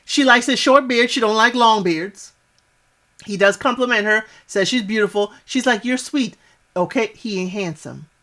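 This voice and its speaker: Speaking at normal speed in a sharp, mid-range voice, a woman casually runs through what happened on a reality show. She talks back to the onscreen cast with sass and scatters asides throughout.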